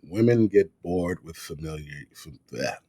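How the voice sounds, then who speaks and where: A man's voice: low voice, measured pace, breathy edge. A man co-hosting a podcast, talking bluntly and with a lot of profanity in casual chat. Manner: blunt, profane, animated rants. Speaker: podcast co-host.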